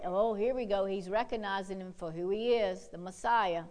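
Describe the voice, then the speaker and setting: A woman preacher with a high voice delivers a fervent sermon. She drops into hushed asides, then rises to loud, bold exhortation with whoops and hallelujahs. She keeps pressing her listeners to act. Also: animated, a little slow, hardly any pauses.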